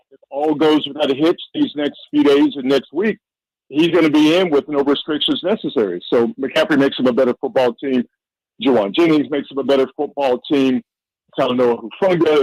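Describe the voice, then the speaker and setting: A man appearing as a guest football analyst on a sports radio show, talking casually and playfully, getting animated when he jokes. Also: no echo, rough recording. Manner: animated, playful, rising pitch when joking. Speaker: NFL insider guest.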